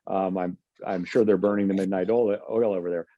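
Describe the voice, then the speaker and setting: A man on a policy panel, speaking in a measured way with many fillers and restarts. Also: deep voice, steady tone, dry recording, phone-quality sound.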